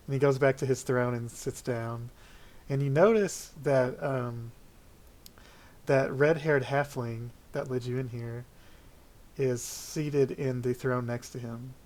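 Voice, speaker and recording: A man narrating a tabletop role-play game as game master, calm and steady. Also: medium pitch. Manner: unhurried, calm narration with "he says" lead-ins.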